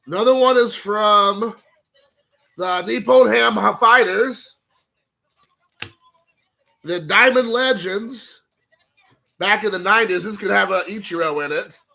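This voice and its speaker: A man chatting casually in an unboxing video, excitable and rambling, joking with viewers. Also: sits high, slow pace, gravelly, pauses often. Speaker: card collecting vlogger.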